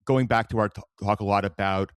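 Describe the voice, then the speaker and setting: A man hosting a podcast in casual chat, thinking aloud in a quick, chatty way. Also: fairly low pitch, steady tone, clean tone, no room sound, clean studio sound. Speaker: podcast host.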